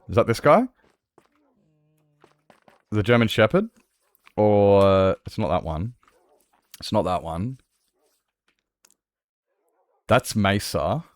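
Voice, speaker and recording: A man's voice: fairly low pitch, dry recording. A man chatting casually on a gaming livestream, swearing freely and laughing often. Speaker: streamer.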